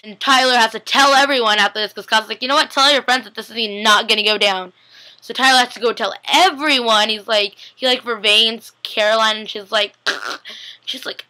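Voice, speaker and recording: Young woman, fan recap vlog, chatty, giggly, high bright voice, acts out lines. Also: fairly even intonation, fairly quick, rough recording. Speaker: fan vlogger recapping a TV episode. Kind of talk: casual chat.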